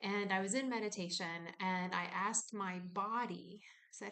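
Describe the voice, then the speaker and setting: A woman's voice: mid-range voice, steady tone, measured pace, hardly any pauses, fairly bright tone. Woman, personal vlog from her home kitchen, candid and musing, acts out her inner dialogue. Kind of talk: reflective personal vlog talk.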